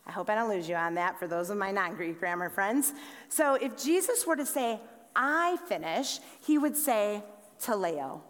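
A woman preaching in a church sanctuary, her voice set fairly high and the words coming slowly and deliberately. Key lines sink to a hush, and a long reverb trails off every phrase. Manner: slow, deliberate delivery with dramatic drops in volume. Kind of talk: sermon. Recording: long reverb in a large hall.

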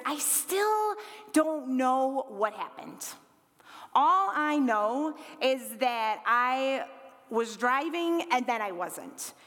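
A high-pitched woman in her forties tells a personal story to a live audience. She is lively, slips into other people's voices for quotes, and fills pauses with ums. Her voice rings through a large hall with a long reverb tail. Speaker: speaker telling a personal story.

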